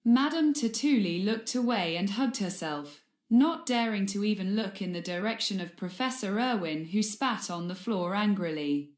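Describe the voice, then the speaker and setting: A woman narrating a fan fiction audiobook in a steady, expressive reading. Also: medium pitch, normal speed, few pauses. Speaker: audiobook reader. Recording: roomy echo.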